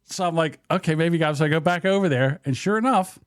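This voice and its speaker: A man's voice: on the high side, a little fast, noisy background. A man co-hosting a podcast in casual chat, telling a story with a lot of swearing and laughter. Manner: animated storyteller, swears freely, laughs through his own story. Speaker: podcast co-host.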